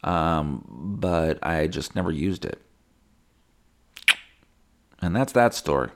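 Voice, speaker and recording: A man's voice: very deep voice, expressive, takes it slowly. A young man hosting a casual solo podcast, rambling, sarcastic and profane, slipping into mocking voices. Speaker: podcast host.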